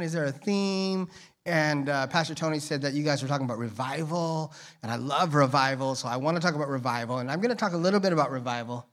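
A man gives a relaxed, off-the-cuff sermon in church, his voice sitting a little high. He jokes with the congregation and drifts into tangents before pulling himself back. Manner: rambling, joking, drifting into tangents. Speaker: guest preacher. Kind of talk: casual conversational sermon.

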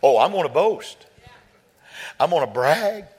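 A man preaching a sermon, quoting scripture and building from quiet talk to fervent shouting. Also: fairly high pitch, sing-song, unhurried, breathy edge.

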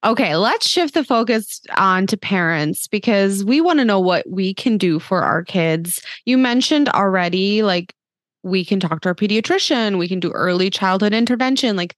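Woman, thirties, podcast host, casual chat, earnest, chatty, mid pitch, dry close sound. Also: dry recording. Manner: earnest, chatty, many "like" fillers.

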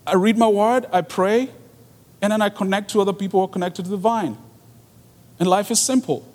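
A man's voice: high voice, brisk, darkish tone. A man preaching a sermon in an earnest way, repeating his key phrases for emphasis. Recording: long hall reverb.

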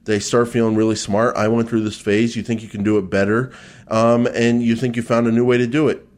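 A man's voice: medium pitch, brisk. Joking man co-hosting an ads podcast. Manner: joking, then steady explaining with fillers. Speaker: podcast co-host, search ads expert. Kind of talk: casual podcast chat and explanation.

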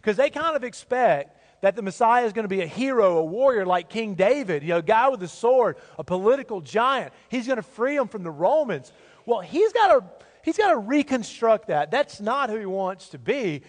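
High-voiced man preaching in echoing church. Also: very animated, moderate pace. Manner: conversational, folksy storytelling. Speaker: pastor. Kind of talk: sermon. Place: church sanctuary. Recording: long reverb of a church hall.

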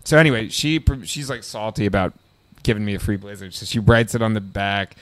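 A man's voice: lowish voice, brisk, dry recording. A man in a casual chat, telling a story with lots of "like" and "dude" and frequent laughter. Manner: animated storyteller, laughs often, says "like" and "dude" a lot.

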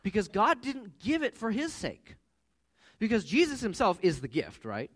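A man in his thirties preaching a sermon as pastor, with animated storytelling that rises loud for quoted voices. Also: high voice, normal speed.

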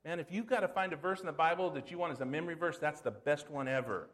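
A man's voice: fairly high pitch, quick pace, a bit bright. A middle-aged man preaching a sermon as pastor, folksy and conversational, with rhetorical questions and asides.

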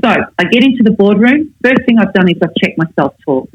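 An older woman, a communication coach, explaining her advice in a measured, instructive way in a casual interview. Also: medium pitch, expressive, breathy edge, no echo, lo-fi sound.

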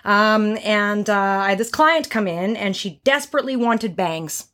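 A woman who works as a hairstylist, telling a story on a podcast in a blunt, animated way and swearing freely. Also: mid-range voice, moderate pace.

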